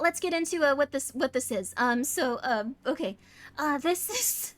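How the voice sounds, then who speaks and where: A tired woman streamer chatting casually while doing tarot readings, talking in quick self-interrupting bursts and apologizing often. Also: high voice, animated. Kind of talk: casual live-stream chat.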